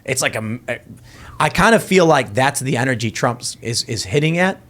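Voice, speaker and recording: A man on a panel podcast, talking casually at a middling pitch. He rambles through his retelling and restarts sentences often. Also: expressive, moderate pace, a bit bright. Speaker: podcast host.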